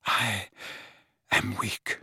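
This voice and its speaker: A man's voice: no echo, studio quality, full character voice. Man voicing a faint, exhausted old wizard. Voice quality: faint, weak, slurring. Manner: soft and measured. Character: weary old male wizard headmaster, gentle. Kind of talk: audiobook character reading.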